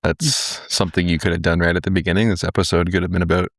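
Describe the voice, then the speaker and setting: A man's voice: low-pitched, level tone, fast, dry recording. A man co-hosting a comedy show, adding dry, wry quips about a cartoon. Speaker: co-host. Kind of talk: comedic banter.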